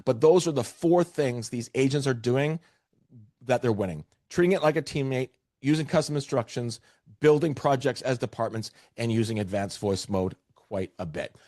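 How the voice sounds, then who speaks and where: A Canadian man presents a webinar over a video call with energy and emphasis, doubling up words as he drives his points home. His voice sits in an average pitch, and the sound is dry and close. It has the feel of a coach talking straight to his audience. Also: normal speed, darkish tone, no echo.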